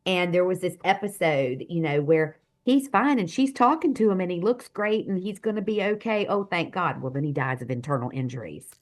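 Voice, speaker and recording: A woman guest telling a personal story in an expressive, animated way, swinging between hushed and loud. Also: lowish voice, a little fast, hardly any pauses. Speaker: guest, author and speaker. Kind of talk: animated storytelling in a podcast interview.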